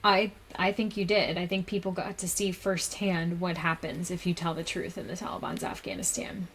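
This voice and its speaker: A woman's voice: on the low side, little pitch movement, moderate pace, a bit bright. Sympathetic woman podcast host, faint hiss. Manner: engaged, sympathetic interviewer. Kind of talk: podcast interview.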